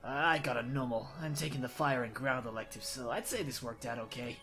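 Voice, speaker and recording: A woman voicing a young trainer girl with a deliberately rough put-on Australian accent, talking low and a bit grumbling. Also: over music. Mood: unimpressed.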